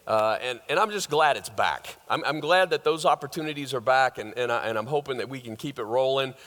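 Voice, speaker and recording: A man's voice: medium pitch, brisk, fairly bright tone. An older man preaching a sermon as pastor, conversational and joking, with lots of fillers and restarts. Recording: long hall reverb.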